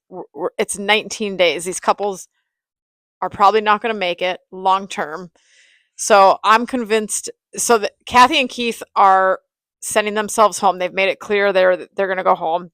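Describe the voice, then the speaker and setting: A woman's voice: mid-range voice, fairly bright tone, no room sound, low-quality recording. A woman co-hosting a podcast, chatting casually and with strong opinions while recapping a reality show, often restarting her sentences. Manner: opinionated, talks in restarts and repeats. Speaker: podcast co-host.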